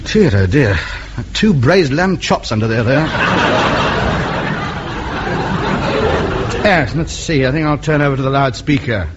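A man's voice: mid-range voice, expressive, normal speed, close to an everyday voice. An actor playing a chatty male amateur radio ham who over-explains in an exasperated way, in 1950s radio comedy style. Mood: self-satisfied. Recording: muffled old radio recording with hiss.

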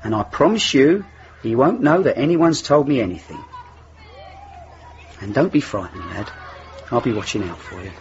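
A man's voice: medium pitch, expressive, some chatter behind, natural voice. Picture an actor as a kindly male schoolteacher whose voice rises and falls a great deal as he soothes worried pupils. It comes through dull, lo-fi TV sound with a faint hiss behind it. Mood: reassuring. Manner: gentle, reassuring, flustered when rushed. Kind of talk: television drama acting.

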